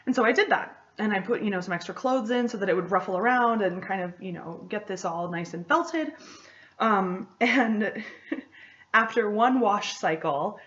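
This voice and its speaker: A young woman chats casually as a craft podcast host, bubbly and rambling, with laughs slipping in between her asides. Her voice sits at an ordinary middle pitch. The recording sounds a little dull and lo-fi. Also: moderate pace. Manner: chatty and excitable, laughs often, rambling asides. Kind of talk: casual chat.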